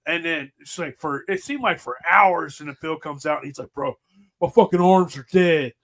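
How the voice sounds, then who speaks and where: A slightly high-voiced man with a drawl, swearing freely as he rambles through stories in a casual podcast chat. He laughs easily and keeps circling back to the punchline. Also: normal speed, fairly bright tone. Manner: profane, rambling, laughing storyteller. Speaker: podcast host.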